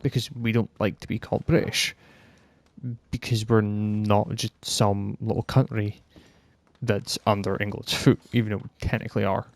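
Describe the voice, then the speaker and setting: Ranting Scottish man with a gravelly voice. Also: on the low side, flat delivery, moderate pace, dry recording. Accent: northern Scottish. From Scotland. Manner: swearing, heated, ranting. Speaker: podcast rambler. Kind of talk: casual rant.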